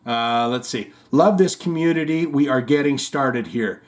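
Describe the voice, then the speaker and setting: A man hosting a casual talk show about heavy metal, reading viewer comments aloud in a lively, jokey way with casual swearing. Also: mid-range voice, a little slow. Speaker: host.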